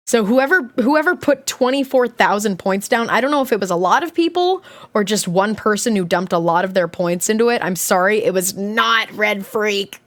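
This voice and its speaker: A woman streaming live from home, chatting casually with her viewers and breaking into loud, excited squeals. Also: fairly high pitch. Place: home room.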